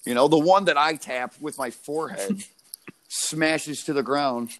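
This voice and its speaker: A man's voice: on the high side, a little slow, fairly bright tone. A young American man telling rambling, profane stories in a casual chat as a podcast co-host, laughing as he talks.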